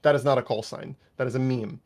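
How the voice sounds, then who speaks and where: A man gives a harsh after-action debrief to his gaming unit over voice chat. He speaks bluntly, swears often and warns of discipline. His pitch sits in the middle of the range. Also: steady tone, fast talker, darkish tone. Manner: blunt, angry scolding with swearing.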